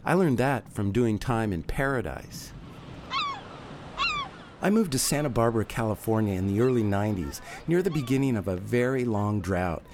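Wry male radio essayist, animated. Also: lowish voice, normal speed, background noise. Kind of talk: scripted radio commentary.

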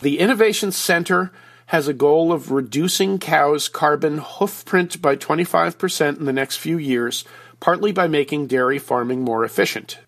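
A man with a slightly raised pitch, calling in by phone as a regular commentator. He explains things in a folksy, joking way, with asides to the host. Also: moderate pace, gravelly, fairly bright tone. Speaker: regular guest commentator, publisher. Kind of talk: conversational explainer. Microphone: phone line.

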